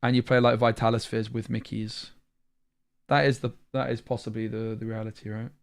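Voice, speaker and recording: A man's voice: on the low side, level tone, fairly quick, vocal fry. Chatty young British man thinking aloud. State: tired after a long stream. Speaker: streamer. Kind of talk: live-stream commentary while playing a card game.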